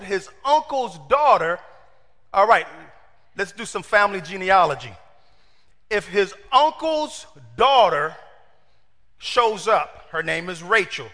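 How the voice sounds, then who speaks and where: A middle-aged man preaching a lively storytelling sermon, acting out voices and talking to the congregation. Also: high voice. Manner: lively, acts out quoted voices, talks to the congregation. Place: church hall. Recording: long hall reverb.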